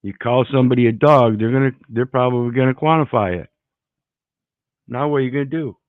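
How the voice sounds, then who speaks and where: A man's voice: mid-range voice, brisk, dry recording. A man on an online panel, telling wry anecdotes in casual talk. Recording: dry, dull remote-call audio.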